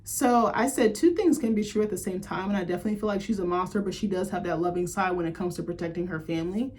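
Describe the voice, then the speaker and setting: A woman's voice: lowish voice, fast talker, a little mellow. A woman talking casually as she recaps a TV episode, chatty and profane, with many fillers like "like". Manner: chatty, profane, heavy use of "like". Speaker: show reviewer.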